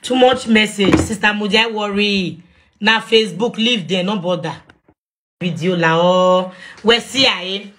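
A woman's voice: mid-range voice, a little slow, fairly bright tone, slight background noise. A young adult woman with a Nigerian accent, ranting defiantly on a live stream from her phone, confronting someone and raising her voice at times. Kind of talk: heated live rant.

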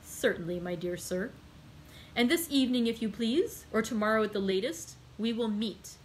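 A woman reading as a calm, wry gentleman. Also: fairly high pitch, moderate pace, a little hiss or hum, natural voice, poor audio. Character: composed male journalist, calm and wry.

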